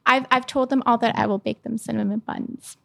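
A woman's voice: on the high side, steady tone, a little fast, creaky, no echo, studio quality. A woman in her thirties from Canada, telling stories in casual chat and laughing often. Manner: laughs often, chatty storytelling.

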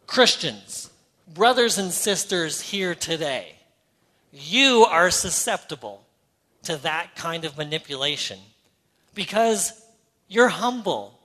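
A man's voice: high voice, sing-song, slow pace, sharp tone. A middle-aged Canadian man preaching a sermon, earnest and conversational with playful asides. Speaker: pastor. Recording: hall reverb.

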